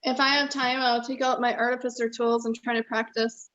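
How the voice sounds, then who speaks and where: Soft tentative woman player. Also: a little high, level tone, a little fast, lo-fi sound, a little hiss or hum. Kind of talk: in-character play.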